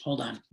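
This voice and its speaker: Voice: mid-range voice, vocal fry, bright, forceful tone. A sales team trainer leading a live online training call, speaking emphatically and checking in with listeners often. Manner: emphatic, repeatedly checks in with the audience. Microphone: video call. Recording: roomy video-call audio.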